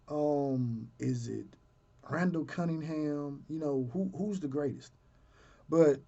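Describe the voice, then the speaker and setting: A man's voice: mid-range voice, warm tone, slightly rough. A man giving casual solo sports commentary, talking his thoughts through with fillers and restarts. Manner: conversational, thinks aloud with fillers and restarts. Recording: dull lo-fi sound.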